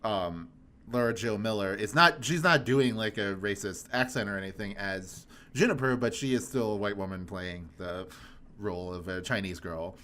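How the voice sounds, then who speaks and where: Low-voiced casual male podcast co-host. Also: moderate pace, slight background noise. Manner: relaxed, rambling, laughs often. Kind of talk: casual chat.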